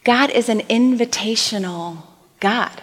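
A woman's voice: on the high side, measured pace, big-room sound. A young adult woman preaching a sermon in a church, earnest and conversational, reading scripture aloud. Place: church auditorium.

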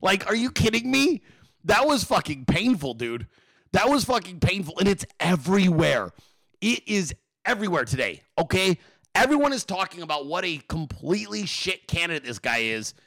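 Mocking, profane man with a bright, lively voice. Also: sits high, normal speed. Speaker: podcast host. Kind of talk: ranting political commentary.

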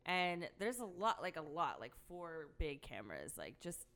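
A woman with a smooth, resonant voice pitched on the low side for her sex. She chats as a guest on a radio show, bubbly and quick to laugh as she tells a story, and talks into a studio microphone. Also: wildly swooping pitch, fairly bright tone. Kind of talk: casual chat.

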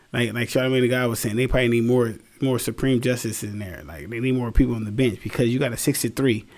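A young man, tired, talking bluntly and casually in a rambling, slangy opinion monologue, swearing freely. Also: mid-range voice. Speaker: solo commentary host.

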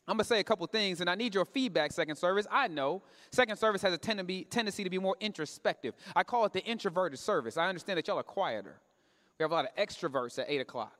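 A man's voice: high voice, lively intonation, fast, a bit bright. A man preaching a sermon to a church congregation, talking conversationally and throwing questions out to the room for the crowd to answer. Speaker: pastor. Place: church sanctuary. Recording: reverberant church hall.

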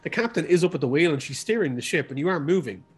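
A man's voice: on the high side, expressive, fast, slightly rough. A man narrating as game master in a tabletop game, loose and rambling with many fillers.

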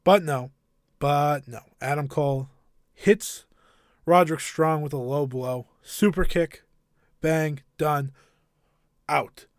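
A man's voice: a little high, slow pace, pauses often, dry recording, clean studio sound. A man hosting a wrestling review podcast, talking in an enthusiastic, rambling way. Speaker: podcast host.

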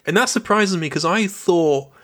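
A man's voice: high voice, normal speed, fairly bright tone. A man co-hosting a podcast, chatting casually with dry, wry asides. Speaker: podcast co-host.

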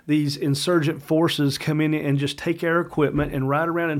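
A man's voice: on the high side, level tone, normal speed. Angry veteran man venting on a podcast. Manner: angry, heated, emphatic. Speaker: podcast co-host, combat veteran. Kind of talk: casual podcast talk.

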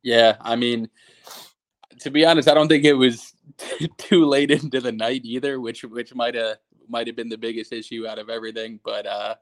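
A man's voice: medium pitch, fairly even intonation, moderate pace, no room sound. A young adult man, a podcast guest, recalling a story in a hesitant way with many fillers and small laughs. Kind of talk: casual chat.

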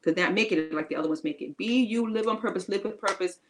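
A woman co-hosting a faith-based podcast offers emphatic encouragement in casual talk, repeating her key phrases with informal grammar. She talks fast at a medium pitch, and the recording quality is low.

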